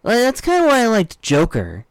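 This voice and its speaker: A young man co-hosts a podcast in easygoing, rambling chat, often drifting into fillers. His pitch swings up and down animatedly. The sound is close and dry, with no room around it. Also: moderate pace, clean tone, no room sound. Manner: rambling, relaxed, trails off into fillers. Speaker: podcast co-host. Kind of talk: casual chat.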